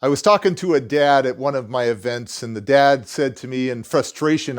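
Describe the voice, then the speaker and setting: A man giving a motivational talk straight to his viewers, telling a personal story and acting out the dialogue with animated delivery. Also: mid-range voice, moderate pace, few pauses. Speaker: motivational speaker.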